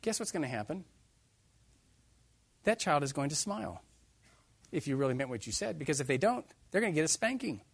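A man preaching a sermon, emphatic and animated, joking with his listeners. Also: a little high, a little fast, long pauses, husky, dry recording. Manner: emphatic, animated, jokes with the congregation.

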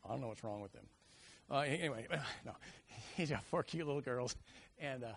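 A middle-aged man preaching a sermon, telling family stories and acting out children's cries with lively energy. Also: medium pitch, brisk, gravelly, slight background noise. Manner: animated storyteller, acts out kids' shouts.

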